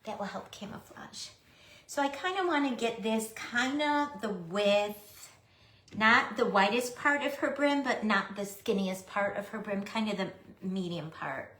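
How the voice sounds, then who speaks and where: A woman in her sixties with a girlish, high voice, chatting casually and often softly on a craft livestream. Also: animated, reverberant. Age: 60s. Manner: slow, chatty, often drops to a soft murmur.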